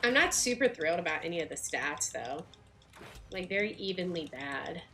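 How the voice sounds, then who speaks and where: Chatty gravelly-voiced woman streamer. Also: lowish voice, animated, normal speed, bright, forceful tone, a little hiss or hum. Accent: Southern US. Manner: chatty, talks to viewers by name, laughs often. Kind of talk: casual livestream chat while playing.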